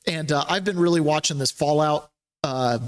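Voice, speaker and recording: A man's voice: fairly high pitch, normal speed. A man hosting a casual political talk podcast, chatty and rambling, laughing between points. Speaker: podcast host.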